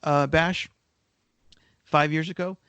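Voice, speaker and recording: A man's voice: a little high, steady tone, slow pace, pushed and bright, clean tone, dry recording. Rambling man, dry podcast mic. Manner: rambling, repeats words when starting sentences. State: coughing now and then. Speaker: podcast co-host. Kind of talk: casual podcast discussion.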